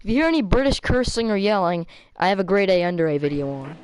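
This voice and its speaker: Woman, gaming commentary, rambling, jokey, excitable, mid pitch. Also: fast talker, clear, resonant tone, low-quality recording. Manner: excitable, rambling, self-mocking, sudden outbursts. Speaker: gaming video creator. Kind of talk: rambling let's-play commentary.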